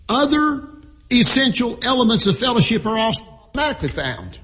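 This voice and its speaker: A man preaching a sermon in a church, emphatic, repeating key phrases and often clearing his throat. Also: high voice, very animated, moderate pace, a bit bright. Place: church with a sound crew. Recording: long hall reverb.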